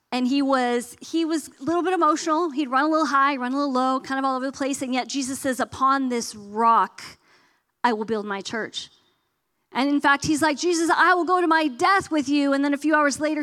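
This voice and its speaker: Female speaker, high pitch, earnest teaching sermon. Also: a bit bright.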